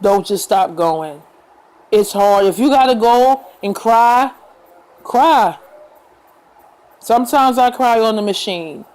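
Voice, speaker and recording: A woman talks straight to her viewers in a casual vlog. Her tone is earnest and gentle, reassuring rather than showy. She takes her time, pausing and filling gaps with small sounds as she thinks. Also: fairly high pitch, expressive, low-quality recording. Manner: unhurried, with fillers and pauses. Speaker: vlogger. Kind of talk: casual talk to camera.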